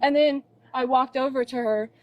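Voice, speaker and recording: Upset nineteen-year-old woman, higher voice. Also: fairly even intonation, normal speed, muffled recording. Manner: emphatic, upset, blunt swearing. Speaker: witness in a police call. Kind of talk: agitated recounting of a fight. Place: outdoors at a residence. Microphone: officer's body camera.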